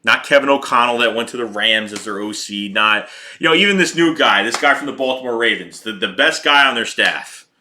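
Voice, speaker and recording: Heated male fan host, profane, repetitive, sharp and forceful tone. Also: mid-range voice, animated, brisk, slight background noise. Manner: heated, profane, repeats himself. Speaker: sports podcast host reading chat. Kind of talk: casual fan rant.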